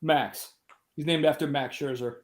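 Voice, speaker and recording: A man's voice: on the high side, steady tone, normal speed. A man joining a podcast as a guest over a video call, curious and easygoing, on a computer microphone.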